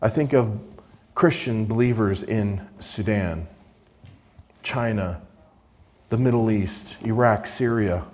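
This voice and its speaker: Low-voiced male preacher, sermon. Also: slow pace, pauses often, a little mellow. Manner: reads scripture aloud with rising emphasis, dry sarcasm.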